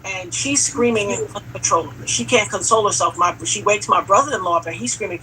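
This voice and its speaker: Animated woman telling a dramatic story. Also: mid-range voice, brisk, a little hiss or hum, poor audio. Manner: dramatic, animated storyteller who acts out quotes. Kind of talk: casual storytelling chat.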